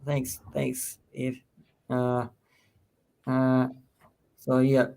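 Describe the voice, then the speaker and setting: A man's voice: mid-range voice, monotone, very slow, creaky, clear, resonant tone. A man hosting a casual live-streamed chat, talking loosely with many fillers and restarts. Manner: rambling, filler-heavy, warm thanks to chat. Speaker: host.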